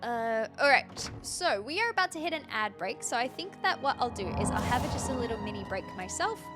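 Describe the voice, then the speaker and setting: A woman's voice: fairly high pitch, very animated, fairly quick. A young woman streamer thinking aloud with lots of fillers as she plays, in casual gameplay commentary. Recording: game music clearly behind. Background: game music.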